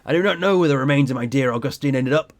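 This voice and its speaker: A man reading the lines of a gruff old male sea captain who drinks alone, in a slow, heavy storytelling way. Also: medium pitch, lightly acted.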